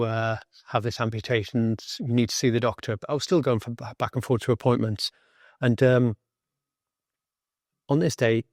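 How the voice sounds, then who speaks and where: A middle-aged man, a former Royal Marine, candidly recounting his experiences in a blunt, animated way. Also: medium pitch, dry recording, studio quality. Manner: blunt, animated, swears freely. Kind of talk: candid personal storytelling.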